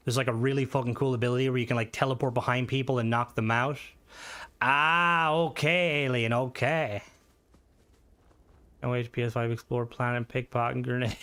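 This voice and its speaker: A man streaming a game, chatting loosely with viewers while he plays, swearing freely and breaking into excited outbursts. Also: medium pitch, no room sound. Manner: rambling, profane, reads and answers chat while playing; excitable outbursts during gameplay. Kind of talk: casual gaming livestream chat.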